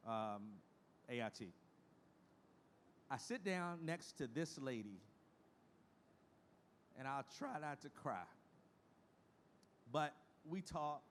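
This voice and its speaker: A man in his fifties addresses a conference audience from the stage, his voice sitting a little high for a man. He is frank and folksy, mixing hard numbers with heartfelt stories. Faint room ambience hangs under the speech. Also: slight background noise. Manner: frank, folksy, emotional storytelling. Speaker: association leader giving a presentation.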